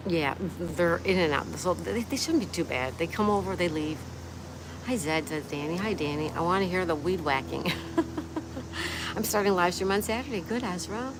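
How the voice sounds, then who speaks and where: Speaking a little fast at a fairly low pitch, a woman chats through a casual livestream, reading viewer comments and replying. Traffic passes by against a constant background noise.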